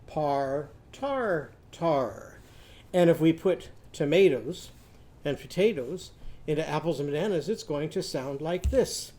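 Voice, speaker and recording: A man with a fairly high, mellow voice leads a literacy lesson for young children. He stretches out speech sounds and syllables so the class can copy them, then invites everyone to repeat after him. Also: moderate pace. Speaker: teacher.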